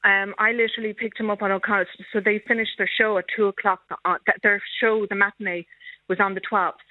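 A middle-aged Irish woman, a guest on a radio show, talking warmly and at length with rising emotion. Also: medium pitch, little pitch movement, fast, no room sound. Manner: warm, rambling, emotional. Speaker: guest, mother of an actor. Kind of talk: phone interview. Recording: tinny phone line.

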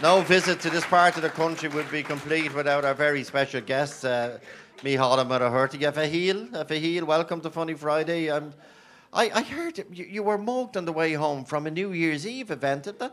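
A man's voice: a little high, brisk, a bit bright, a faint crowd. A man hosting a comedy show, interrupting his guests with incredulous questions. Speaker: host.

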